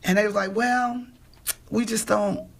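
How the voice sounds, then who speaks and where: A woman's voice: medium pitch, steady tone, unhurried, vocal fry. A young woman telling a faith story as a talk show guest, repeating words as she goes. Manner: storytelling, repeats words, Southern church cadence. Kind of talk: faith talk, personal testimony.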